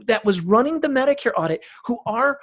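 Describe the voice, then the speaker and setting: A man guest on a podcast, telling stories from running a practice with emphatic repetition and loud rising bursts. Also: extremely high pitch, lively intonation, fairly quick. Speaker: guest, practice owner and CEO. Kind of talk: podcast interview storytelling.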